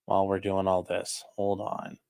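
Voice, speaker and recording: A man's voice: low voice, completely flat delivery, moderate pace, vocal fry, a little mellow, clear, resonant tone, no echo, clean studio sound. A man hosting a livestream, reading viewer donations and giving casual commentary in a sarcastic, rambling way with casual swearing.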